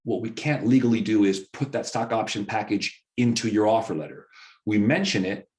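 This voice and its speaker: A man's voice: lowish voice, moderate pace, darkish tone. A man, a company founder, explaining in an interview how his business works, walking through examples and acting out the lines of the people involved. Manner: walks through examples, acts out quoted dialogue. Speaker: founder of an employer firm, interview guest.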